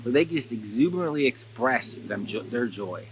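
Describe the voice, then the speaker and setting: A man hosting a casual guided blessing exercise, animated and laughing often, jumping into excited high voices when he quotes someone. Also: moderate pace, slight background noise. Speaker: host guiding a blessing exercise. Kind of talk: casual guided meditation talk.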